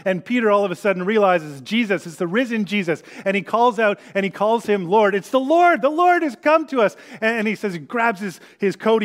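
Male pastor, slightly high voice, storytelling sermon delivery with hushed scripture readings.

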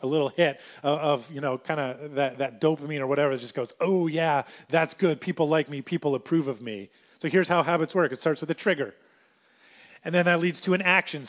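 A man preaching a sermon in an animated way, acting out everyday scenes as he talks. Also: on the high side.

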